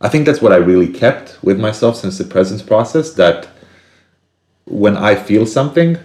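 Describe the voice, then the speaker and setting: Deep-voiced man talking earnestly, echoey room. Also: animated, normal speed, darkish tone. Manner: earnest, acts out inner voices with sudden high bursts. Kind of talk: reflective casual conversation.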